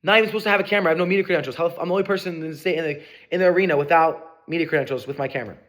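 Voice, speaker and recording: Excited young man telling a story. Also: a little high, very fast. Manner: excited, swearing, acts out quoted dialogue. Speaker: vlogger. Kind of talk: casual storytime monologue.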